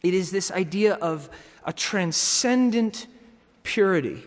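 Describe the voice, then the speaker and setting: A man's voice: sits high, expressive, slow, long reverb tail. A man preaching a sermon in a teaching manner, often restarting and repeating words.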